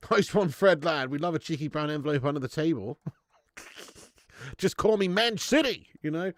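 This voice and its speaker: Chatty sweary football fan host. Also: male voice, fairly high pitch, expressive, a little slow, pauses often. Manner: chatty, sweary, reads out viewer messages. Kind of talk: live football watch-along commentary. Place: home garage streaming setup. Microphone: streaming setup.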